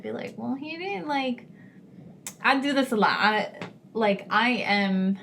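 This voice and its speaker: A woman's voice: mid-range voice, slight background noise. Frank, chatty young woman on a podcast. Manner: frank, chatty, laughs often. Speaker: podcast co-host. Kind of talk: casual chat.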